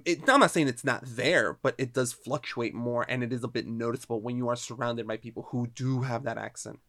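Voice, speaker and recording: A man's voice: medium pitch, a little fast, a bit bright. A man co-hosting a casual film podcast, giving emphatic opinions and incredulous reactions.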